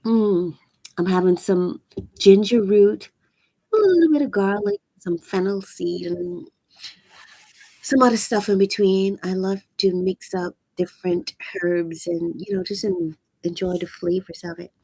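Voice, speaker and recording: A woman hosting a live-streamed spiritual talk, with a raspy voice and an earnest, preachy manner that repeats phrases for emphasis. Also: medium pitch, measured pace, mellow, no room sound. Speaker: channel host.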